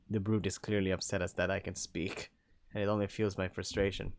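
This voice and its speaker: A young man reading a first-person story aloud in an animated, jokey way, voicing the characters. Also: low-pitched, a little fast, no room sound. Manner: animated, jokey asides and laughs between lines. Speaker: story narrator.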